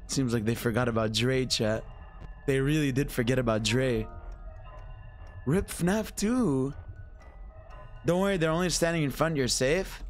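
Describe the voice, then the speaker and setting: A man's voice: mid-range voice, a little slow, long pauses, faint music behind. A young man streaming a horror game live, talking to his chat, swearing, screaming and laughing at scares. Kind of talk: live gameplay commentary.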